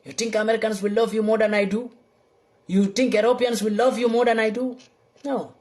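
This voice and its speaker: A young man giving an impassioned political monologue, fervent and repetitive, swinging between loud outbursts and low muttering. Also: flat delivery, fairly quick. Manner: repeats lines for emphasis. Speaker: political vlogger.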